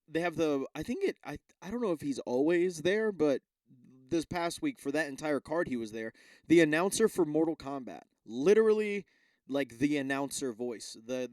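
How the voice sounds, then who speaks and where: A man's voice: on the high side, darkish tone, no echo. A young man hosting a solo podcast, chatting casually and rambling, swearing often and stumbling as he reads text aloud. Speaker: podcast host.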